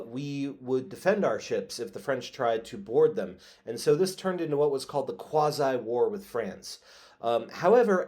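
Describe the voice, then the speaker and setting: Chatty history teacher. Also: male voice, mid-range voice, a little mellow. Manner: conversational, many "uh" fillers, self-corrects. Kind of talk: recorded classroom lecture.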